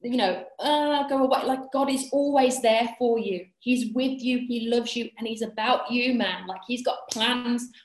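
A woman giving an earnest devotional talk to young people, often checking in with a quick "yeah?". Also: fairly high pitch. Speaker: youth speaker. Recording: echoey room.

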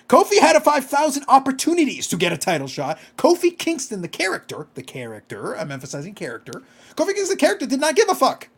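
A man's voice: very high voice, big pitch swings, fast, slightly rough. A man co-hosting a casual podcast chat, ranting with profanity and disbelief. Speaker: podcast co-host.

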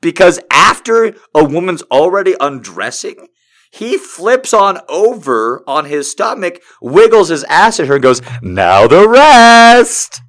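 Man with a sharp, bright voice. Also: fairly high pitch, measured pace. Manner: crude, profane, excitable asides. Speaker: host reading fan fiction aloud. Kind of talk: comic reading with commentary.

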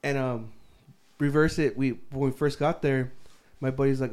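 A man's voice: mid-range voice, steady tone, moderate pace, darkish tone. Young man telling a rambling story. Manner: rambling, swears a lot, laughs through his story. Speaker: storyteller among friends. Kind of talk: casual chat.

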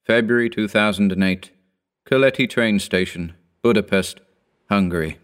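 Guy in his 30s reading a horror story, real low voice, slow grave delivery. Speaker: narrator. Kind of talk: scripted horror story narration.

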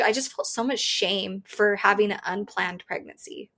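A woman's voice: mid-range voice, moderate pace, creaky, few pauses, fairly bright tone. A woman in her thirties telling a personal story as an interview guest, candid and chatty, often saying "like" and laughing.

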